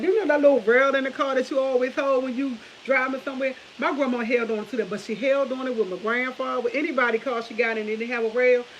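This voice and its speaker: A woman, telling stories to her viewers in a rambling, chatty way with frequent laughs and restarts. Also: a little high. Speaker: vlog host. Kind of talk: casual storytelling chat to viewers. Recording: dull lo-fi audio with faint hiss.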